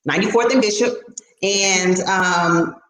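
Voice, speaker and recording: A woman's voice: mid-range voice, a little slow, a bit bright. Reflective woman host in a very echoey room. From Chicago, USA. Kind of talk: casual conversation.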